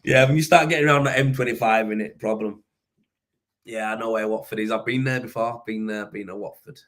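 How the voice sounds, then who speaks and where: A man's voice: on the low side, fairly even intonation, brisk, fairly bright tone. A man with a Yorkshire accent, hosting a casual chat show, full of banter, slang and frequent laughter. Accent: Yorkshire English. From Yorkshire, England. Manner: banter-heavy, laughing often, slang and swearing. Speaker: host.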